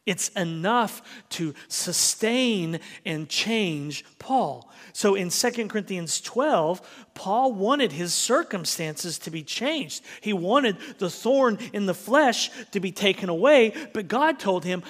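A man's voice: high voice, animated, takes it slowly, a bit bright, in a large hall. A man preaching a sermon as pastor, emphatic and full of rhetorical questions, in a church sanctuary.

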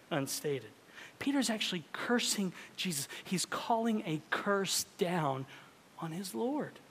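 A male pastor preaching a sermon in a dramatic style, swinging between loud emphasis and hushed whispers. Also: a little high. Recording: long reverb of a large hall.

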